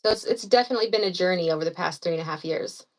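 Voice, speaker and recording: A woman who is a mother and guest on a live podcast, speaking earnestly with frequent pauses. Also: on the low side.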